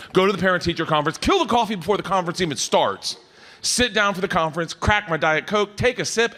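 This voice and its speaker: A middle-aged man doing stand-up comedy, telling loud, animated stories on a live stage as the audience laughs. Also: sits high. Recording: live venue with loud crowd noise.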